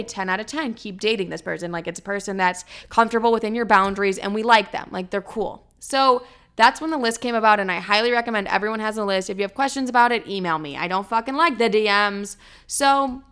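A woman's voice: medium pitch, a bit bright, smooth. A woman in her early twenties hosting a casual solo podcast, chatty and blunt, swearing freely and filling her talk with "like". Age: 20s. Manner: chatty, blunt and profane, heavy filler "like". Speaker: podcast host.

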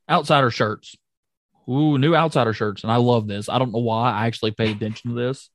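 A man co-hosting a podcast in casual chat, excitable and jokey, often trailing off and restarting. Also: mid-range voice, a little fast, dry recording, studio quality. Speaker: podcast co-host recapping wrestling.

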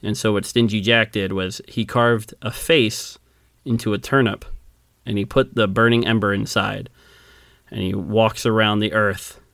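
Low-voiced man telling a story with laughs. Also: steady tone, measured pace, vocal fry, fairly bright tone, no echo, studio quality. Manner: laughs often, acts out quoted characters. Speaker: podcast co-host. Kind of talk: casual storytelling chat.

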